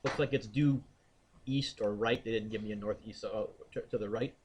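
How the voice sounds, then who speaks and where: Guy teaching physics in a classroom, talks through the math out loud, asks kids questions, bit of background noise. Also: on the low side, steady tone, normal speed. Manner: thinks aloud, quizzes students by name. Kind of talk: classroom lecture working problems aloud.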